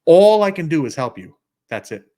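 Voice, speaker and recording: A man's voice: a little high, sing-song, normal speed, dark tone. Blunt middle-aged man, podcast co-host. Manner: blunt, storytelling with acted quotes. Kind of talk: casual podcast conversation.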